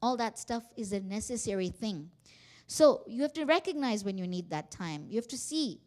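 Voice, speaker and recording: A woman giving a workshop talk on family communication, animated and acting out quoted dialogue. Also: mid-range voice, moderate pace. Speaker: workshop speaker. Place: community center hall.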